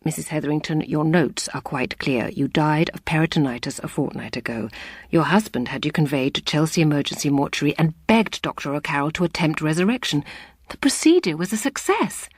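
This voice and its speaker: A woman voicing a shy, earnest young male doctor who speaks in a polite, measured bedside tone. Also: deep voice, lively intonation, breathy edge, no echo, studio quality, exaggerated voice.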